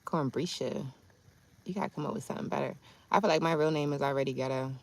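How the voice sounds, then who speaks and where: Woman, thirties, livestreamer, slangy storytelling, lowish pitch. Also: fast talker, gravelly. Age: 30s. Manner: chatty, slangy storytelling to chat. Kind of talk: casual livestream chat.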